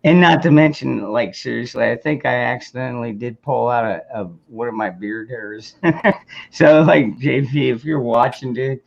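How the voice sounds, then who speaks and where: A man's voice: mid-range voice, normal speed, gravelly, lo-fi sound. A man hosting a casual livestream chat, laid-back and profane, laughing often while he works on a craft project. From United States. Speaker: host.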